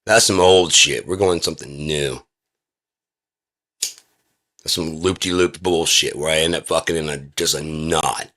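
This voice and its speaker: A man's voice: extremely low pitch, fairly even intonation, a little slow, pauses often, sharp tone. A man talking casually and profanely on his own indoors, rambling through a rant in a lecturing way. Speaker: vlogger. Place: indoor room with a heater.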